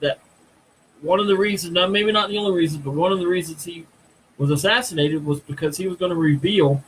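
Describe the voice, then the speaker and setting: Host guy on a live stream, lots of ums and uhs, kinda high voice, light hiss. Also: a little fast, a bit bright, poor audio. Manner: hesitant, many fillers. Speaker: podcast host. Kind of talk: casual live-stream chat.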